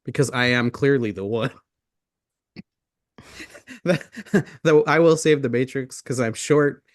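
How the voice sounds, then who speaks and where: A man's voice: mid-range voice, unhurried, no room sound, clean studio sound. A man co-hosting a podcast, joking and teasing in casual banter. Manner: joking, teasing, laughs often. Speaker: podcast host.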